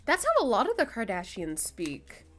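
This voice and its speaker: A young adult woman streaming a farming game, chatting casually and giggling often as she plays. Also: normal speed. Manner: chatty, giggly, lively pitch swings. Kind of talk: casual gameplay chat. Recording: faint game music behind.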